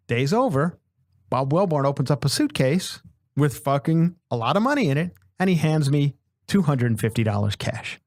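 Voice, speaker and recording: A man at a middle pitch telling a rambling comic tale on a podcast. He is loose, profane and animated, and he puts on voices for the people in his story. His voice sounds dry and close, with no room around it. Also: no echo. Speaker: podcast host. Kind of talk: casual storytelling.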